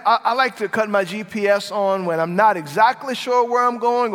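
A man's voice: high voice, a bit bright. A male pastor preaching a sermon, emphatic and repeating his key phrases. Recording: long reverb of a large hall.

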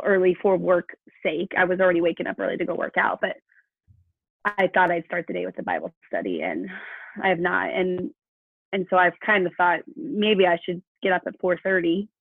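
A woman's gravelly voice comes through a narrow, phone-like line with no room sound at all. She is chatty and self-deprecating as she explains her routines, and she laughs at herself often. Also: fairly low pitch, no echo. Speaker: coaching client. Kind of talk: phone conversation.

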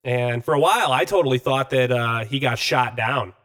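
A man chatting on a podcast in an easygoing, profane manner. He drifts through stories with frequent "uh" fillers and mid-range pitch. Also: normal speed, a bit bright. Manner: laid-back, profane, filler-heavy. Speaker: podcast co-host. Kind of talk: casual chat.

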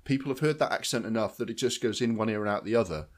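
A man's voice: on the low side, rapid-fire. A man co-hosting a film podcast, rambling and emphatic as he critiques a film. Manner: rambling, restarts, emphatic swearing. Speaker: podcast co-host. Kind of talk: casual film review chat.

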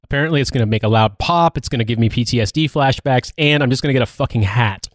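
A man's voice: mid-range voice, fast talker, dry recording, clean studio sound. A man from the United States co-hosting a podcast, chatting casually with sardonic, sweary jokes. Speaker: podcast co-host. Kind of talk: casual comedic chat. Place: home recording room.

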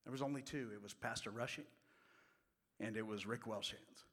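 A man preaching a sermon, telling stories in a folksy way and moving from loud passages to hushed ones. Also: mid-range voice, normal speed, breathy edge. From West Virginia. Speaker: pastor. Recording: long hall reverb.

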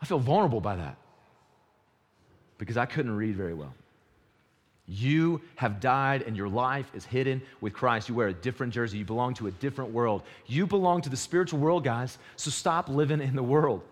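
A man preaching a sermon, animated and full of rhetorical questions to the congregation. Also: medium pitch, moderate pace. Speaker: pastor. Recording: long hall reverb.

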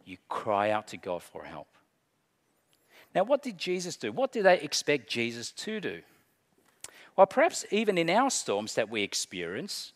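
A man preaching a sermon with expressive delivery, acting out desperate cries in the story. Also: medium pitch. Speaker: pastor. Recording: long church reverb.

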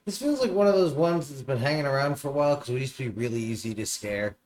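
A man's voice: medium pitch, lively intonation, quick pace, a little mellow. A man co-hosting a talk show, chatting casually in loose, rambling commentary with some swearing. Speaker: co-host. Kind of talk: casual chat.

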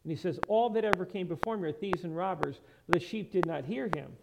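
Preaching a sermon in a church sanctuary, a male pastor speaks in a high voice, a little fast, with vocal fry. He's emphatic and quotes scripture in archaic language, while heavy background noise from the sanctuary comes through.

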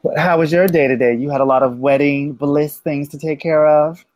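A man's voice: fairly high pitch, steady tone, moderate pace, a little mellow, dry recording. Easygoing man on a dry mic. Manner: easygoing, rambling, agreeable. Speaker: podcast co-host. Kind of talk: casual chat.

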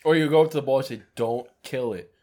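A man co-hosts a laid-back podcast and tells a story in casual chat. His delivery is animated and full of swearing, in a voice of middling pitch. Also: fast talker. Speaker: podcast co-host.

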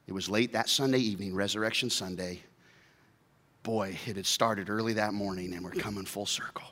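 A man preaching a sermon as a pastor, telling the story in an animated way and acting out the voices. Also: lowish voice, in a large hall.

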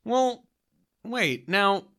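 A man co-hosting a casual podcast from his home office, animated and quick to laugh, his voice climbing when he gets worked up. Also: sits high. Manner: animated, laughs often, rises when excited. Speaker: podcast co-host. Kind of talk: casual chat.

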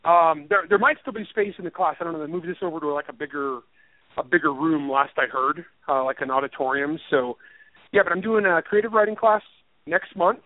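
A man with a slightly high voice talks fairly quickly over a tinny, dry phone line. He's an author and writing teacher chatting casually in an interview, rambling, poking fun at himself, and laughing often.

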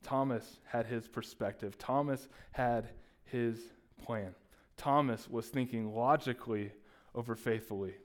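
A man's voice: medium pitch, unhurried. A man preaching a sermon, acting out the disciples' lines as he retells the story. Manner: animated, acts out the disciples' voices. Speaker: pastor.

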